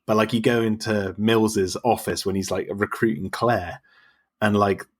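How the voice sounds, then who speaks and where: Casting: husky, lower-pitched man, enthusiastic film obsessive, rambling chat. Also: steady tone, measured pace. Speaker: podcast guest. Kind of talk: casual chat.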